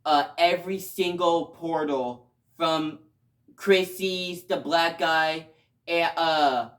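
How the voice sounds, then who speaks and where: A man giving a casual video review, talking emotionally and rambling, with sudden loud outbursts between quieter stretches. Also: on the high side, slow pace. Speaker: show reviewer.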